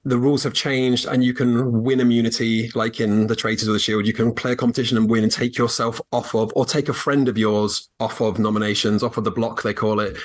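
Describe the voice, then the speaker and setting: A man's voice: mid-range voice, little pitch movement, fairly quick, few pauses. A man guest co-hosting a podcast, explaining things in a chatty, easygoing way with frequent laughs and fillers. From England. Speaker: guest co-host. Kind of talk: casual podcast chat.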